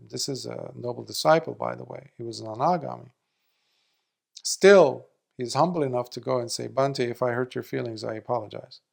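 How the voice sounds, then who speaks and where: A man, a Buddhist monk, giving a storytelling Dharma talk and acting out the people in the tale. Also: creaky. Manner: animated storyteller, acting out quoted speakers with big jumps in pitch and loudness.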